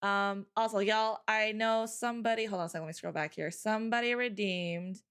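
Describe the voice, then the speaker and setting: A woman hosting a live stream, chatting casually, loud and laughing often. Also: medium pitch, fairly even intonation, brisk, clear, resonant tone. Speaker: streamer host.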